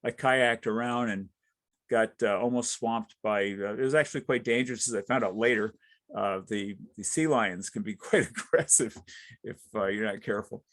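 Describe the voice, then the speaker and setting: A middle-aged man, a wildlife artist, giving an informal talk about his career with many halting fillers. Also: lowish voice, no echo.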